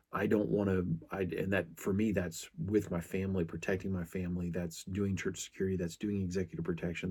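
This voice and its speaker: Middle-aged male podcast host, deep husky voice, earnest storyteller. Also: darkish tone. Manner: earnest storytelling, frequent restarts. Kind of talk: casual podcast monologue.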